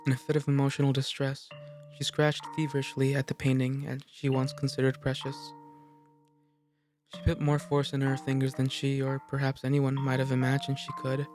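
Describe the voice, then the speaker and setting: A man reading a visual novel aloud. His voice stays flat and even, and he stumbles and corrects himself along the way. Quiet music plays faintly behind him. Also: mid-range voice. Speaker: reader.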